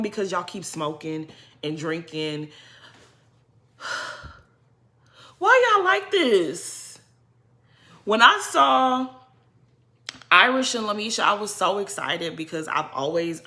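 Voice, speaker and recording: Animated bright young woman ranting. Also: fairly low pitch, moderate pace. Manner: animated, exasperated, talks straight to the people she discusses. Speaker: reality TV commentator. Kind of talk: casual reaction vlog.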